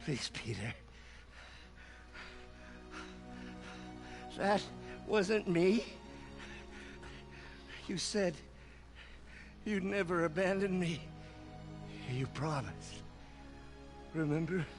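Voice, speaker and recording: An actor playing a desperate, unstable aging scientist villain who pleads, then shouts. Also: male voice, sits high, lively intonation, slow pace, long pauses, music in the background, exaggerated voice. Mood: hurt. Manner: pleading, swinging between whispers and shouts.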